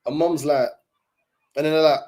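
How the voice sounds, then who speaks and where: Slightly high with a steady tone and a darkish quality, this young man's voice moves at a moderate pace. He's a livestream host chatting casually with his audience in relaxed, slang-filled talk packed with fillers.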